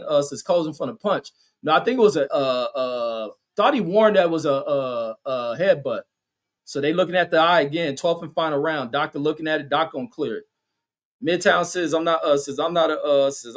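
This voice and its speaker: A man with a somewhat high voice calls a boxing fight live, cursing freely and mocking the fighters. He keeps stopping to read viewer comments aloud, tripping over repeated "says" and "uh". When a big shot lands he yells and his voice jumps sharply upward. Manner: crude, blunt and mocking, reads chat comments aloud with frequent "says" and "uh" fillers; shouts and jumps high in pitch at big punches and knockdowns. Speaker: livestream boxing commentator reading chat. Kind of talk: casual play-by-play livestream commentary.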